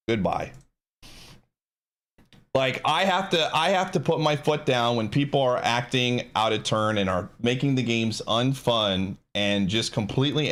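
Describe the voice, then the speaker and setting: A man's voice: mid-range voice, a bit bright. A man streaming live, ranting to his chat in a frustrated, emphatic, insistent way.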